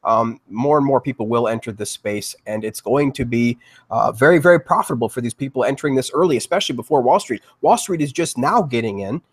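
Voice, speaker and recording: Excited man on a crypto panel. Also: mid-range voice, fairly quick, slightly rough. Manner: enthusiastic, repeats words and restarts often. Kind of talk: casual crypto panel talk.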